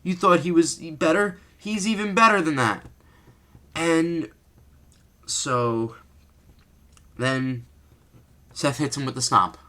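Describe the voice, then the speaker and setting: A man's voice: fairly high pitch, slow, long pauses, pushed and bright. A man giving an unscripted, exasperated rant as a vlogger recapping a wrestling match, full of rhetorical questions.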